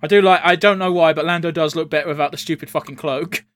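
A man's voice: fairly high pitch, fairly even intonation, fast, a bit bright, no echo. A man chatting casually while watching a film, blunt and swearing freely. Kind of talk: casual chat reacting to a film.

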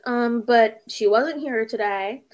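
A teenage girl co-hosting a podcast in casual chat, talking fast, swearing often and sometimes stuttering. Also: a little high, dull audio. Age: teens. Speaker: podcast co-host.

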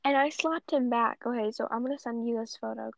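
Brisk and creaky, a young woman's fairly high voice drives a casual vlog rant packed with profanity, bluntness, and wandering asides. The recording is dull, lo-fi, and dry, with no echo.

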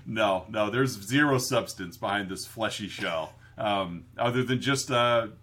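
Husky, bright-voiced male podcast co-host. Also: lowish voice, a little slow. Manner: jokey, laughs often, quotes movies. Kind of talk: casual chat.

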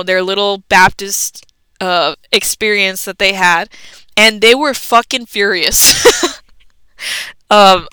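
A woman's voice: mid-range voice, sharp tone, clear, resonant tone, dry recording, rough recording. A young adult woman hosting a podcast, telling a story in a chatty, casual way and swearing freely. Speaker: podcast host.

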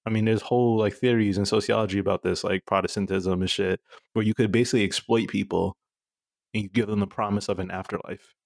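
Man, low gravelly voice, casual podcast chat, profane, riled up, dry close sound. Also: steady tone, fast, no echo. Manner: profane, riled-up, laughing asides. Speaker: podcast co-host.

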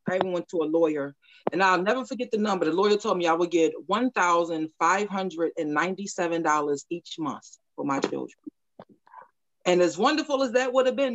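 A woman's voice: lowish voice, muffled recording, a little hiss or hum. A middle-aged woman telling a personal story candidly in a casual group chat, laughing often.

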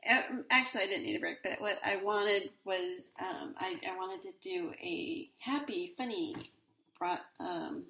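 A woman's voice: mid-range voice, measured pace, creaky, bright, forceful tone, echoey room. A woman in her forties hosting a solo podcast in a casual, rambling way, with many fillers and restarts. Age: 40s. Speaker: podcast host.

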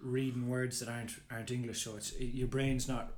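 A man's voice: medium pitch, level tone, a little fast. A man co-hosting a podcast in casual chat, laid-back, swearing often and restarting his sentences. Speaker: podcast co-host. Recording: roomy with faint background noise.

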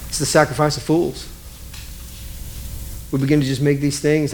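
Male pastor, 40s-50s, casual animated sermon delivery, high pitch. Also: moderate pace. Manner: conversational, animated, acts out scenes.

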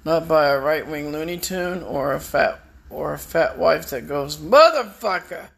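A man with a very gravelly, husky voice, speaking slowly and with a bright, sharp edge. He rants bitterly and defiantly, cursing and taunting the people he blames. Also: on the high side, steady tone. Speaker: vlogger. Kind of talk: angry personal rant to camera.

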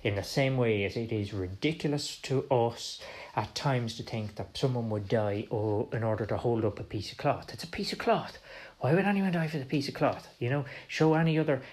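An Irish man speaks as a podcast host in a long history monologue. He talks in an animated way and often restarts his sentences. He slips into quoted voices as he explains. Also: medium pitch, moderate pace.

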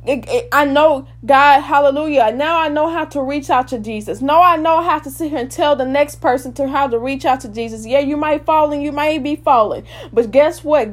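High-voiced woman preaching with passion. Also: normal speed, few pauses. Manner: impassioned, repetitive, swings between loud and soft. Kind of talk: informal sermon.

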